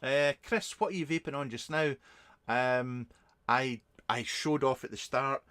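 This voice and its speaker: A man's voice: mid-range voice, a little slow, a bit bright, dry recording. A man, a reviewer hosting a casual live stream, answering viewers in a rambling, chatty way with many ums and restarts.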